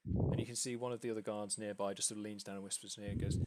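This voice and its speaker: A man's voice: on the low side, level tone, racing, background noise. A man from the UK narrating a tabletop game as game master, in a loose, rambling way with many fillers. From United Kingdom.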